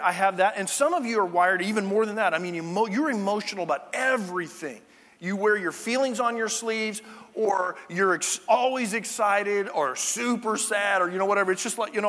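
A man's voice: high-pitched, bright, forceful tone. A male pastor giving a conversational sermon, with chatty, jokey asides to the congregation, in a church sanctuary. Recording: long church-hall reverb.

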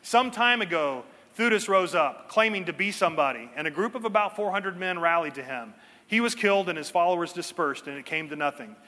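A pastor preaching a sermon with earnest emphasis and dramatic pauses, slowing down to stress key points. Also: male voice, sits high, expressive, sharp tone, big-room sound.

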